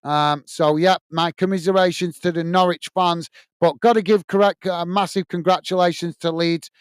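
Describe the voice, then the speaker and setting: An English man hosts a football watch-along live stream, chatting casually, reading viewer comments, filling his speech with uhs and calling everyone mate. His high-pitched voice is smooth and steady at a moderate pace, in a clean studio recording with no room sound.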